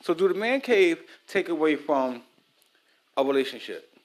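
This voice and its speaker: A man's voice: a little high, very animated, normal speed. Profane married man chatting while cooking. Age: adult, married. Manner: loose, profane, talks straight to viewers. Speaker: vlogger. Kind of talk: casual chat while cooking.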